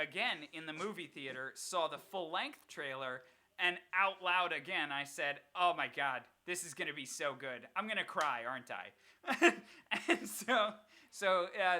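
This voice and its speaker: Young podcast cohost, chatty, bright voice, swoopy animated storytelling. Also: mid-range voice. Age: young adult. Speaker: podcast co-host. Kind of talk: casual chat.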